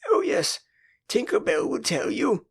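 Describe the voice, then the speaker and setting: A man's voice: sits high, big pitch swings, measured pace, creaky, husky, dry recording, clean studio sound, exaggerated voice. An older man voicing prim young girl Wendy. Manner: prim, earnest.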